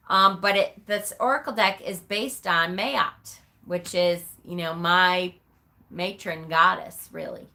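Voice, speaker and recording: A woman talking slowly and unhurriedly in a casual livestream chat. Her voice is bright and forward, and she gushes over viewers' comments with open emotion. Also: fairly low pitch, steady tone. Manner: chatty, reads and answers viewer comments, calls them honey; gushing, emotional. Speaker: livestream host.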